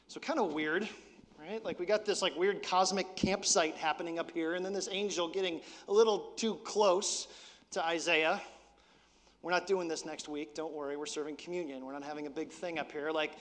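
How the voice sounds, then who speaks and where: A man with a high-pitched voice delivers a sermon in a church, in a loose, chatty preaching style. He drops his voice low and quiet for emphasis. The sound carries a long, ringing hall reverb. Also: fairly even intonation, moderate pace. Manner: conversational preaching, drops to soft intensity. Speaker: pastor.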